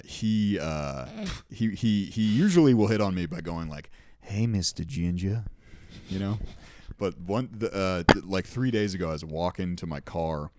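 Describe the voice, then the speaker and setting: A man's voice: sits low, darkish tone, no echo, studio quality. A young man hosting a podcast, telling rambling, profane anecdotes in casual chat. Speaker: podcast host.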